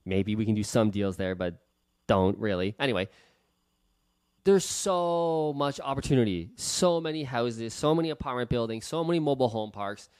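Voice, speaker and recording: Male investor, mid-pitch, blunt and fired-up webinar delivery, dry sound. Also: moderate pace, a little mellow, smooth, no echo. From Canada. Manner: blunt and heated, swears, big swings in emphasis. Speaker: real estate investor presenting a webinar. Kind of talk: unscripted webinar talk.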